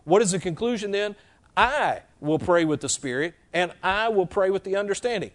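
A man's voice: sits high, expressive, normal speed. Man teaching a conversational sermon. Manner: conversational, checks in with listeners often. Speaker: pastor.

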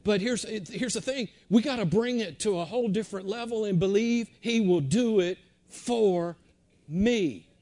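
A middle-aged man preaching a sermon in a conversational way, repeating words and swinging between loud and hushed. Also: sits high, normal speed.

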